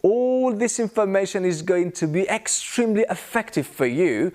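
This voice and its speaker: A man with a British accent teaching English pronunciation, slowly modelling each sound and repeating example words. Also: high voice, lively intonation, a little mellow. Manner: slow, exaggerated demonstration of sounds with repeated examples. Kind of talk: scripted lesson.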